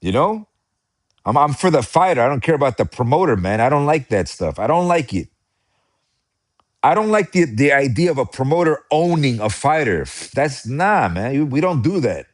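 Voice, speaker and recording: A man with an American accent chatting casually about boxing, excitable and rambling, often repeating himself. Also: mid-range voice, normal speed. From United States. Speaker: boxing commentator. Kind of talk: casual live chat.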